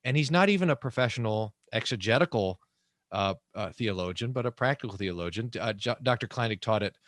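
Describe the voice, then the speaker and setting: A man, a pastor, hosting a long-form interview, speaking with enthusiasm and many halting restarts. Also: fairly low pitch, no room sound, clean studio sound. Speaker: pastor and host.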